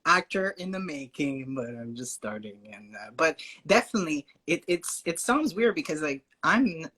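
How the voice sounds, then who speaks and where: A man with a French Canadian accent, chatting as a guest in a casual conversation, hesitant with fillers and quick to laugh. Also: fairly high pitch, animated, bright, forceful tone, husky.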